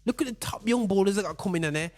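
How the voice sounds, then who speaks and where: A man's voice: high-pitched, racing. A man hosting a casual football podcast, talking emphatically and often repeating himself as he argues his point. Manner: emphatic, animated, repeats words. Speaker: podcast host.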